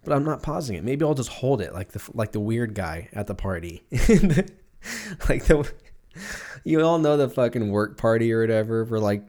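A man's voice: mid-range voice, lively intonation, moderate pace, darkish tone. A man in his thirties hosting a solo podcast, rambling casually with loose, profane, jokey storytelling while drinking a beer. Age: 30s. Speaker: podcast host.

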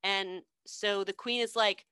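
A woman chatting casually as she retells a story, slow and loose, with fillers and swearing. Her voice is bright and crisp, and the sound is dry and close. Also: medium pitch, fairly even intonation, no echo.

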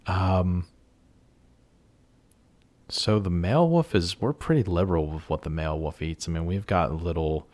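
A man co-hosting a podcast in casual chat, relaxed and chatty, with many ums. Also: deep voice, normal speed, pauses often. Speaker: podcast co-host.

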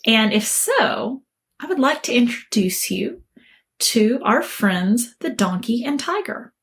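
A woman's voice: fairly high pitch, big pitch swings, slow, fairly bright tone. A woman relationship coach giving an upbeat, motivational talk and telling a story along the way.

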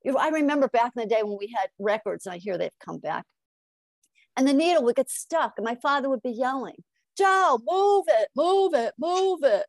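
A middle-aged woman from Connecticut speaks as a hypnotist guest on a podcast, in a voice that sits on the higher side. She tells lively stories, laughs often and repeats phrases for emphasis. The sound is dry and close, with no room around it. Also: quick pace, creaky, dry recording. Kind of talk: podcast interview.

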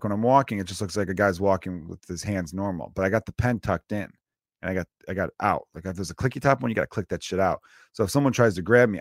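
A man hosting a comedy podcast, rambling in a casual monologue, cursing freely and bursting into loud acted-out voices, speaking close to the mic. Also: fairly low pitch, dry recording.

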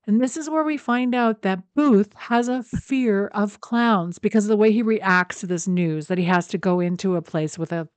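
A woman co-hosting a casual podcast, recapping a TV episode with animated storytelling. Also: mid-range voice, normal speed, hardly any pauses, dry recording. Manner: animated, acts out scenes in quoted voices. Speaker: podcast co-host.

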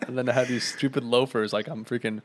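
A young man co-hosts a podcast, chatting casually in a laid-back, rambling, slangy way. His voice is mid-range with a level tone, and he talks at a quick pace.

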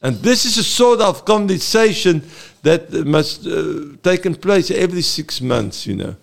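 Therapist guy, kinda gravelly voice pitched a bit high, lots of uhs, earnest. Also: animated. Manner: earnest, halting with many fillers. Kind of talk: explaining in a talk-show interview.

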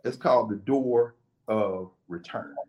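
A man's voice: medium pitch, a little slow, highs cut off. A man, a guest, explaining in a casual way and telling it like a story, now and then acting out what people said. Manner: animated, storytelling, acts out quotes.

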